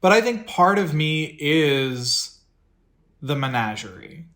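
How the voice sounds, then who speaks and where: A male podcast co-host in casual chat who muses aloud and rambles. He circles his thoughts in loose, unhurried sentences, starting and restarting. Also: fairly high pitch, very animated, fairly bright tone. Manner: reflective, rambling, talks in fits and starts.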